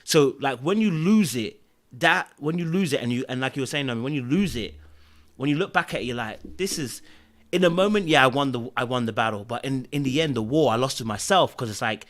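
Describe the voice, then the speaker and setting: A young man in casual podcast talk. He tells his story with energy, acting out the quoted lines, at an even middle pitch. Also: brisk. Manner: animated storytelling, acts out quotes, fills with "da, da, da".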